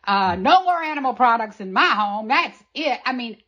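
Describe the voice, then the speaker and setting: Woman interviewee, lively emphatic storyteller, somewhat high voice, dull lo-fi recording. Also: normal speed. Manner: animated, emphatic, acts out quoted voices. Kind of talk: personal storytelling.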